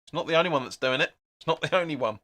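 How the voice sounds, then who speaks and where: Bright-voiced man commentating live. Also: a little high, very fast. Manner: chatty, reads out viewer comments, excitable at chances. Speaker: watch-along host. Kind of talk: live football watch-along commentary.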